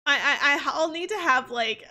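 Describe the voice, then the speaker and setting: A woman's voice: high voice, lively intonation, moderate pace, bright, forceful tone. A young woman streaming a game, chatting casually in a rambling way. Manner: rambling, full of fillers and restarts. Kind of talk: casual chat while gaming.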